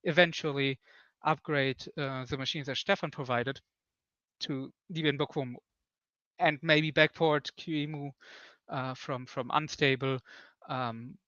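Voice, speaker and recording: A man's voice: mid-range voice, steady tone, unhurried, sharp tone, no room sound, highs cut off. A man on a technical call, explaining package builds with many fillers and restarts. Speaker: developer on a conference call. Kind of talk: technical discussion.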